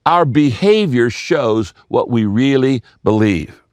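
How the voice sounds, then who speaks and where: An older male pastor delivers a sermon in a storytelling way, playing the people in his stories and repeating his main points. His voice sits at a middling pitch. The sound is dry and close, with little room echo. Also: lively intonation, slow pace, a little mellow. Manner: storytelling preacher, acts out quoted voices, repeats key lines.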